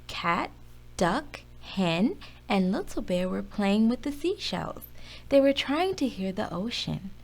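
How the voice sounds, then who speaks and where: Slow, sing-song woman reading a children's story. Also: medium pitch, very animated, creaky, a little mellow. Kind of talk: children's story read-aloud.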